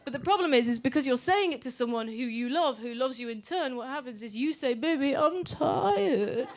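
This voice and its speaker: A woman on a comedy club stage, chatting with the crowd in a slightly high voice. She banters easily and swears freely as she does stand-up crowd work. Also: quick pace.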